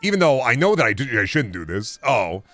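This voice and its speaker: A man's voice: mid-range voice, sing-song, a little fast, a bit bright, dry recording, soft background music. A man putting on the voice of a dim-witted, stubborn doctor, speaking in broken, mocking caveman grammar.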